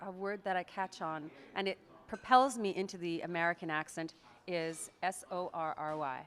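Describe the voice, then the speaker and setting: A woman with a Canadian accent speaks as an accent coach, walking through pronunciation step by step. She sounds out sample words as she goes and laughs easily. Her voice sits on the lower side. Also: normal speed, a bit bright. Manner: explanatory, demonstrates words aloud, laughs often. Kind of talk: interview answers.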